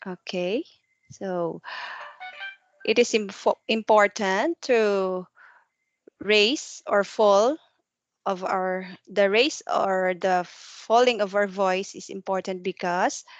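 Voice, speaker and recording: Woman teaching english on a video call, slow and patient, dry close sound. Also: medium pitch, steady tone, no echo, highs cut off. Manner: patient, slow questioning with non-native grammar. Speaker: English tutor. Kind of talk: one-to-one online English lesson.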